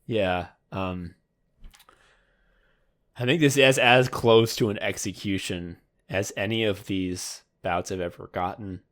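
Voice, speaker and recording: A man's voice: lowish voice, takes it slowly, a bit bright. A man co-hosting a comedy podcast, rambling in a mock sports announcer manner. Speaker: podcast co-host.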